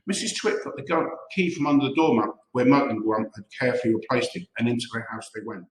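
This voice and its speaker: Man reading a kids' book, steady measured voice, echoey room. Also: medium pitch. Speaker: story reader. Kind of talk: reading a children's book aloud.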